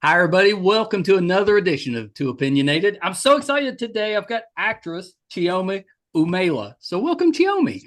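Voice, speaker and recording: A middle-aged man with a West Virginia accent hosts a casual podcast chat. His pitch is a little high and swings widely as he talks. He sounds enthusiastic, often restarting his sentences. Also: expressive, a little fast, few pauses, fairly bright tone. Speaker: podcast host.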